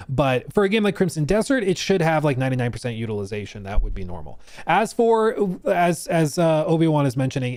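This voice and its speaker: Lively chatty male streamer. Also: mid-range voice, no echo, studio quality. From Colorado. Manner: chatty, reads chat aloud, explains and jokes. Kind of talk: casual live-stream chat.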